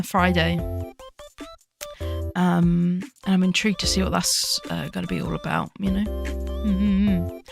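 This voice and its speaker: Bright, giggly young woman streaming. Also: on the low side. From United Kingdom. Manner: rambling, chatty, giggles often, greets chat excitedly. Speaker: VTuber streamer. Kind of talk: casual live-stream chat.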